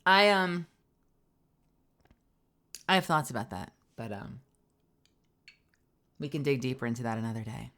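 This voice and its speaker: A woman's voice: very deep voice, expressive, a little slow, pauses often, fairly bright tone. A woman voice actor chatting casually on a live stream, rambling with lots of fillers. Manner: rambling, many fillers, laughs often.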